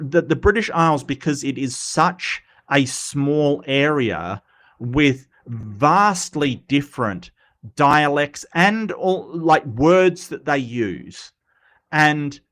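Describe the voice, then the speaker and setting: A man's voice: fairly high pitch, a bit bright. An Australian man hosting a live stream, chatting casually and answering comments with lots of fillers and restarts. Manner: rambling, many fillers and restarts, playful. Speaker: livestream host.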